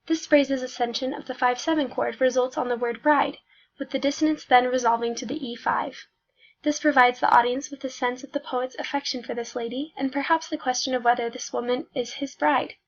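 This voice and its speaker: A woman with a high voice reads a prepared music analysis aloud. She is careful and measured and trips on a word now and then. The recording is a little dull and lo-fi. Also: fairly even intonation. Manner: careful, measured reading with slight slips. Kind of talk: read academic music analysis.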